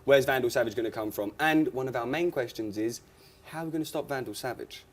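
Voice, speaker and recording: A man's voice: mid-range voice, fast talker. A British man hosting a casual TV fan panel, joking and laughing often. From Britain. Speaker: host.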